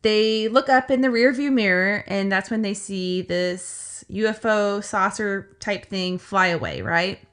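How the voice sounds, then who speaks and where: Her mid-range voice is a bit bright and smooth, and she speaks a little slowly with few pauses. As a podcast co-host, she retells a story casually and chattily, full of "like" and acted-out quotes.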